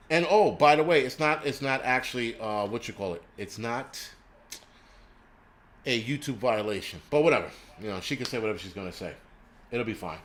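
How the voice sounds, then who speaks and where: Brief: New guy, mid-pitch, foul-mouthed ranting vlogger, faint noise behind him. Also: a little fast. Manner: profane, animated storytelling. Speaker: prepper channel host. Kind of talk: casual ranting vlog.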